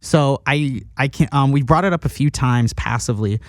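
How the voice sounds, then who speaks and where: Playful male interviewer, mid-pitched. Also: moderate pace, no room sound, clean studio sound. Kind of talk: casual interview chat.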